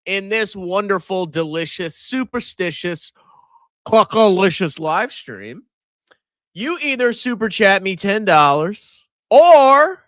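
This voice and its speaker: Recorded dry with studio quality, a middle-aged man from coastal Virginia uses a high, smooth voice that's pushed and bright. Hosting a casual livestream, he jokes sarcastically and lets his voice swing for theatrical effect.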